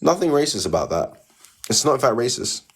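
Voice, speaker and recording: A man's voice: mid-range voice, very animated, fairly quick, breathy edge. A man from Nigeria hosting a livestream debate, insistent and argumentative, talking over the caller.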